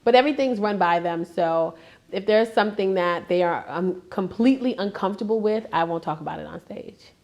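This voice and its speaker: A woman's voice: fairly low pitch, brisk. A woman comedian in her forties, a grandmother, chatting in an interview and acting out her kids as she tells stories. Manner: animated storytelling, acts out family members. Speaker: stand-up comedian; interview guest. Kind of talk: casual interview chat.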